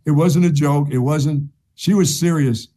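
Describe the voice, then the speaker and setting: A man's voice: on the high side, measured pace, mellow. A middle-aged man co-hosting a sports talk show, telling a long story in a chatty way, repeating himself and laughing at his own tale. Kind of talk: casual sports chat, storytelling.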